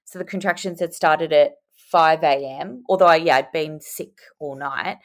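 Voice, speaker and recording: Young woman, podcast guest on a video call, lowish voice, chatty and animated. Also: moderate pace. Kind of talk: casual chat.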